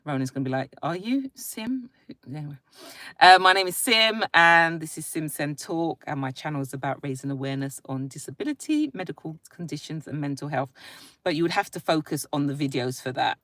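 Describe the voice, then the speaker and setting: A woman's voice: low-pitched, expressive, brisk, fairly bright tone, dry recording, studio quality. A woman with children hosting a casual live stream, greeting viewers by name and chatting in a free-flowing way. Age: adult, a parent. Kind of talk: casual chat reading viewer comments. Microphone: phone live stream.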